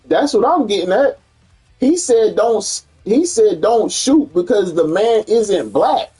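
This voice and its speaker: A man giving casual, profane gaming commentary on stream, with animated, incredulous outbursts. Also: sits high, unhurried, breathy edge, no room sound, faint music behind, poor audio.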